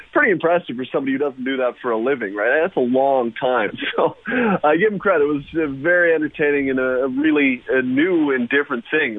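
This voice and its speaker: A man's voice: medium pitch, no room sound. A man calling in as a guest on a sports radio show, talking hockey in a rambling, enthusiastic way. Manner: rambling, enthusiastic, restarts often. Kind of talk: casual sports radio chat. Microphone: phone. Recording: tinny phone line.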